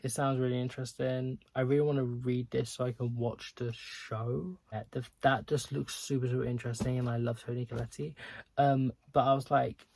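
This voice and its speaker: A man's voice: medium pitch, flat delivery, fairly quick, vocal fry, a little mellow, a little hiss or hum. A man chatting casually to camera about books he hasn't read yet, rambling and self-deprecating with lots of ums and likes. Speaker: book vlogger.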